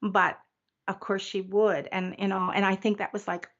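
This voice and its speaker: An older woman from Canada, a guest in a conversational interview, speaking reflectively with frequent restarts and soft laughs. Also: medium pitch, little pitch movement, muffled recording. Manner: reflective, halting, often restarts and laughs softly.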